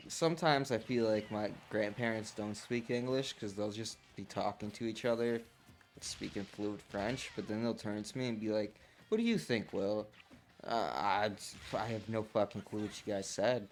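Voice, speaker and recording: A young man streaming, chatting casually and profanely over a game tournament, rambling in an animated way. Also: fairly low pitch, normal speed, a little hiss or hum.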